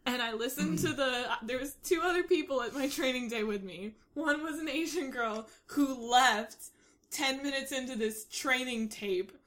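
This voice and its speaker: A young woman in casual chat, telling lively stories, laughing often and acting out quotes. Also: high voice, moderate pace. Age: young adult. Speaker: podcast co-host, actor.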